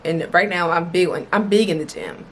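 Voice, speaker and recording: A woman's voice: lowish voice, animated, normal speed, slight background noise. A young adult woman talking to camera in a casual motivational vlog, blunt and emphatic, swearing freely and repeating phrases for emphasis. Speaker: vlogger.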